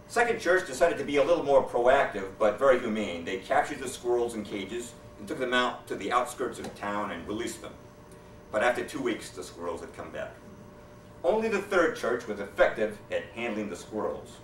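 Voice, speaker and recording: A man telling jokes to a live audience, deadpan, acting out the characters in his stories. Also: mid-range voice, a little fast, a little hiss or hum. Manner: deadpan storyteller who acts out quoted characters. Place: lecture hall with an audience. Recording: echoey hall, distant mic. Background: audience laughter.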